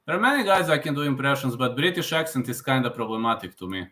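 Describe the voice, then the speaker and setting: A man's voice: medium pitch, animated, fast, few pauses, bright, forceful tone, echoey room. A man hosting a live stream question-and-answer, speaking hesitantly with many fillers and non-native phrasing. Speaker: host.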